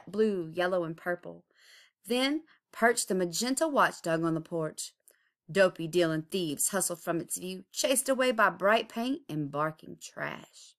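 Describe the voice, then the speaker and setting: A woman's voice: mid-range voice, a bit bright. A woman, an art teacher, reading a picture book aloud expressively, chanting its rhyming refrains. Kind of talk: storybook read-aloud.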